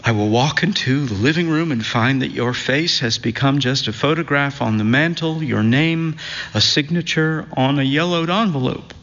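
A man narrating literary fiction in the first person with a slow, measured, reflective delivery. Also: mid-range voice, fairly bright tone. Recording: dull recording with long reverb.

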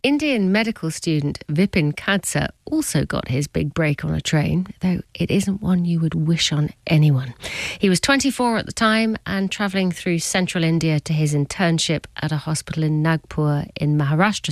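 A female presenter with a low voice reading scripted news links. Her delivery is measured and formal, and the recording is dry. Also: dry recording.

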